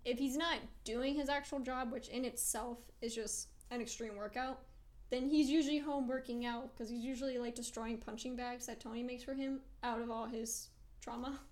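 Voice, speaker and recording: A young woman co-hosting a casual podcast, joking crudely and quick-wittedly about fanfiction. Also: fairly high pitch, steady tone, a little mellow. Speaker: podcast co-host. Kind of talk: casual chat.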